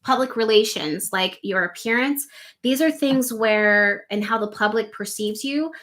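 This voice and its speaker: A woman with a bright, forward voice hosts a live astrology stream. She talks in a loose, conversational way, pausing to read viewer comments and asking one rhetorical question after another. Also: fairly high pitch.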